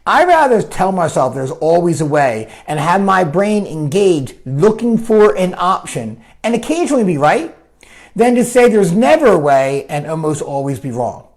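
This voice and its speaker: A man coaching his viewers in a loose, animated talk. His pitch rises and falls a lot as he makes his points. He keeps asking "right?" to check that the listener is with him. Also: moderate pace. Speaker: life coach. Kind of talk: live coaching talk answering viewer comments.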